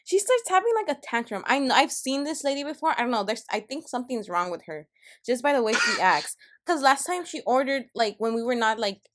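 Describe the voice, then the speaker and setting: A young woman co-hosting a podcast, telling a story in casual chat, animated and laughing often. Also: a little high, a little fast. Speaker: podcast co-host.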